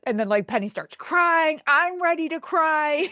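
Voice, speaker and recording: A woman with a Michigan accent hosting a podcast, chatting in a gushing, excitable way full of "like". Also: high-pitched, a little slow, no echo, clean studio sound. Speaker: podcast host. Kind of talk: casual podcast chat.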